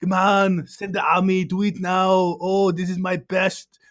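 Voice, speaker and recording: A man putting on the voice of a big, bossy Scottish army general who shouts orders. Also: high voice, monotone, unhurried, voice pushed up. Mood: commanding.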